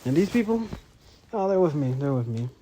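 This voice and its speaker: A man's voice: on the high side, big pitch swings, brisk, warm tone, a little hiss or hum. A man casually retelling a story in a rambling way, filling his talk with "like" and "you know" and slang. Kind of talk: casual spoken recap.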